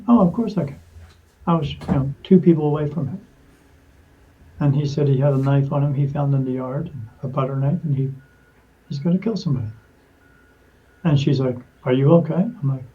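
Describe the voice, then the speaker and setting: A man, a podcast guest, telling a story in casual conversation, animated, acting out quoted dialogue and often restarting his sentences. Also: on the high side, lo-fi sound.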